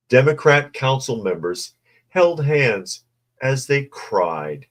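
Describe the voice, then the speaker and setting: Casual news-commentary host, man, sarcastic and mocking asides. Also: lowish voice. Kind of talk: casual news commentary, reading articles and chat.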